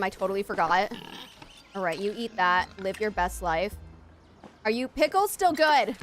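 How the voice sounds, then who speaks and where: A woman live-streaming a cozy game, talking excitedly to her chat and game animals over a headset. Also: medium pitch, slight background noise. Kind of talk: casual live-stream chat while gaming.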